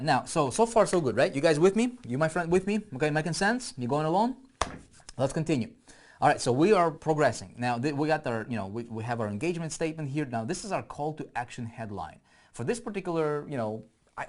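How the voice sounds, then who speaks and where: A man teaching online marketing in a casual screen-share walkthrough, thinking aloud and often checking in with "right?". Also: mid-range voice.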